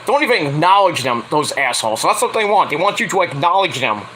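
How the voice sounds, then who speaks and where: A man's voice: on the high side, big pitch swings, fast, fairly bright tone, slight background noise, low-quality recording. A man ranting heatedly on a late-night livestream, swearing constantly as he reviews wrestling. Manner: profane, heated, fired-up ranting.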